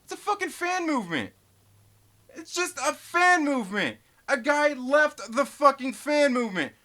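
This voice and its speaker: A man with a bright, forward voice rants through a live stream, cursing constantly as he reads chat messages aloud. He jumps from loud outbursts to low muttering. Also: big pitch swings, moderate pace. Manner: swearing, ranting, heated. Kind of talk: profane live stream rant, reading chat.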